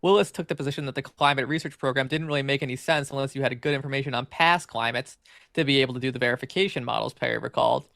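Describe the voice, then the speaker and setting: Male podcast co-host reads an article aloud, brisk and gravelly, prone to restarts. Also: mid-range voice, fairly even intonation, a bit bright, no echo, studio quality. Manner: fast, filler-heavy reading with frequent stumbles and restarts.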